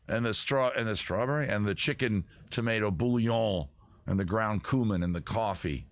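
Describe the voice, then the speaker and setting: Man, livestream host, low voice, rambling, mock-offended banter, dry sound. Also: normal speed, dry recording. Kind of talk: casual livestream chat. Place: home setup at a computer with several monitors.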